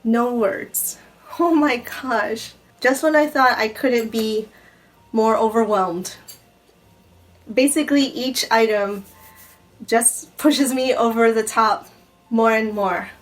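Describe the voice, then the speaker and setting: A woman unboxing gifts in a casual vlog, gushing and excitable, often breathless with delight. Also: fairly high pitch, slow, long pauses, faint music behind, low-quality recording. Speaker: YouTuber unboxing a gift box. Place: home in Japan.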